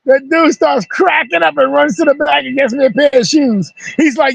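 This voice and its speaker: A man hosting a casual video call, telling stories in an animated, profane way. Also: very high-pitched, moderate pace, creaky, highs cut off. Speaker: host. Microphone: video call mic.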